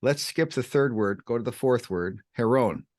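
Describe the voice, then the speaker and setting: A man co-hosting a podcast, teaching the Bible in an animated way, swinging his pitch up and down to stress words. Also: moderate pace. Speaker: podcast co-host.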